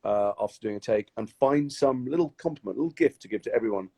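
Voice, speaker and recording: Fast-talking gravelly man. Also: mid-range voice. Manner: animated storyteller, acts out quoted voices. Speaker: actor on a live stream. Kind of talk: casual anecdote-telling chat. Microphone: phone or webcam on a live video call.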